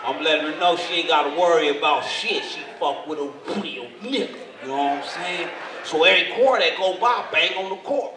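A man doing stand-up comedy in a large hall, telling his story loudly and with lots of swearing. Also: fairly high pitch, fairly quick, a crowd in the background. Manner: loud, profane, animated storytelling. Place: large hall in front of a live audience. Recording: echoey hall, voice from far, noisy.

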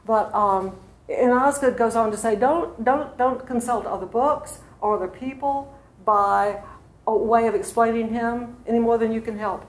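A woman's voice: a little high, moderate pace. A woman teaching an adult class in a church classroom, lecturing in a chatty way with fillers and asides to her students. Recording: roomy classroom recording.

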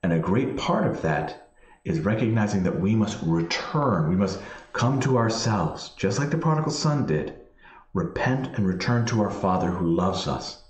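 Low-voiced priest guy explaining bible verses, pitch jumps around a lot, slow readings, roomy echo. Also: a little mellow. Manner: reads scripture slowly, then explains in plain spoken asides. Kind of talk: Bible study commentary. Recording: echoey room sound.

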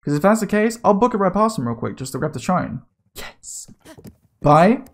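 A young man commenting on his gameplay casually, excitable and swearing, often yelling in surprise. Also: high voice, normal speed. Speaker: let's play gamer.

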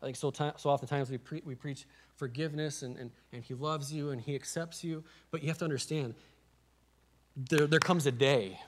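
A middle-aged man with a Midwestern American accent preaching a sermon as pastor, moving from hushed storytelling to loud, stammering pleading. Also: on the high side, steady tone, fairly quick, a little hiss or hum. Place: church sanctuary.

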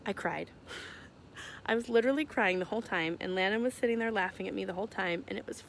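A woman's voice: mid-range voice, fast talker, gravelly, a little hiss or hum. A young woman hosting a casual live stream, chatty and giggly, laughing at herself while walking outside her house. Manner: chatty, giggly, self-deprecating. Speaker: livestream host announcing charity winners. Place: outdoors near her house at night, walking around. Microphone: phone held at arm's length.

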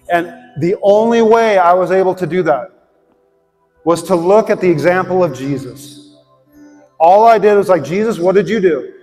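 A man's voice: a little high, a little mellow. A male pastor giving an earnest, heartfelt sermon built around a personal story and ending in prayer. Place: church sanctuary. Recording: long hall reverb, faint music.

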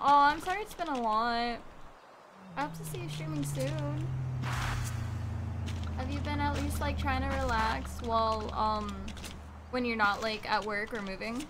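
A young woman streaming a game live, chatting to her viewers in a bubbly, talkative way. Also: high-pitched. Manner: bubbly, chatty, talks to viewers while playing, frequent gasps and laughs. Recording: noisy stream audio.

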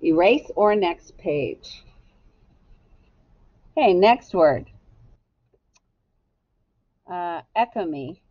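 A woman's voice: fairly low pitch, expressive, drawn-out words, long pauses, dull audio. A woman teacher leading a phonics lesson for young children, sounding out letters one by one and giving patient step-by-step directions. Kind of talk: slow, drawn-out phonics lesson.

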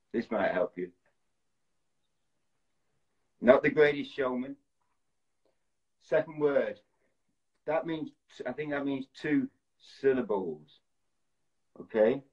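This Instagram live-stream host, recorded on his phone in lo-fi quality, mimes film titles and calls out the guesses viewers send in. He has a mid-range, expressive voice with a breathy edge, speaking slowly and leaving long pauses.

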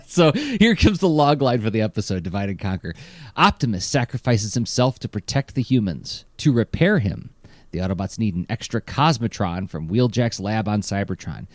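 A man's voice: fairly low pitch, sing-song, moderate pace, no echo. A man hosting a podcast in casual chat, talking animatedly, laughing often and using many fillers. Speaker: podcast host.

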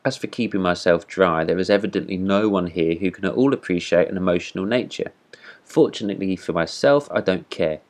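A man's voice: low voice, fairly quick. A man voicing a pompous, vain talking firework rocket in a read-aloud storybook, haughty and indignant. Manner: haughty, self-important, indignant.

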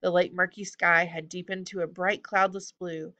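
A woman narrating a children's book aloud, steady storytelling with the odd slip. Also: fairly low pitch, moderate pace. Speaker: reader.

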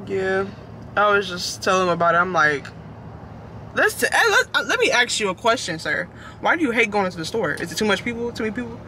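High, bright-voiced chatty young man. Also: sing-song, quick pace, slight background noise. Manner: rambling, chatty, apologetic. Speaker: vlogger. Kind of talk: casual chat. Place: inside a parked car.

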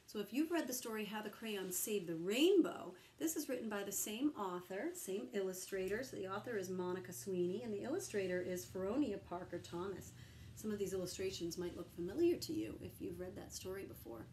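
A woman teacher reading a picture book aloud to young children, gently pausing to ask them questions. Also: medium pitch, a little hiss or hum, rough recording. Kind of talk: storybook read-aloud for children.

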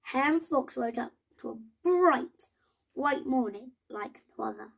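A woman reading a children's picture book aloud in a slow, gentle way, with small restarts. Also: high voice, animated, creaky, slightly rough. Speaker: storybook reader.

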